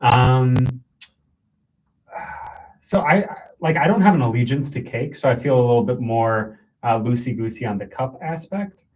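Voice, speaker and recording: A man's voice: mid-range voice, expressive, measured pace, darkish tone, distant mic, poor audio. A man hosting a casual chat, easygoing and playful.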